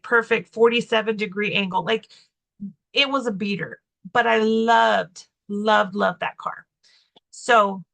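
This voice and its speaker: A woman's voice: medium pitch, pushed and bright. A woman co-hosting a podcast, telling a personal story in casual chat, rambling with lots of fillers and restarts, candid and self-mocking. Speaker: podcast co-host.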